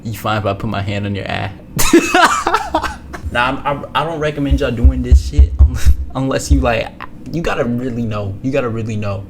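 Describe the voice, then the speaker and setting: A young man telling a story from his own life as a streamer, rambling, slangy and repeating himself, sometimes dropping to a hushed low voice. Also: very animated, normal speed, very noisy. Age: young adult. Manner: drops to a hushed low voice for spicy parts. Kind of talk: casual storytelling.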